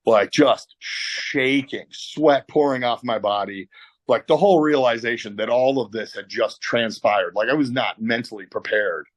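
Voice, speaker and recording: A man's voice: medium pitch, normal speed, dry recording. A middle-aged Canadian man telling a wild story in an interview over a video call. He swears often and acts out what people said. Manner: animated storyteller, swears a lot, acts out quotes. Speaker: tattoo artist guest.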